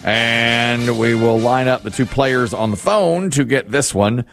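A man's voice: mid-range voice, a little slow, fairly bright tone, faint music behind. A man hosting a radio quiz game, rereading the question and joking with the panel. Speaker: radio game show host.

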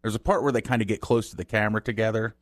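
A man's voice: on the low side, steady tone, very fast, no echo, studio quality. A man co-hosting a radio talk show, telling a workplace anecdote in a laid-back, casual way.

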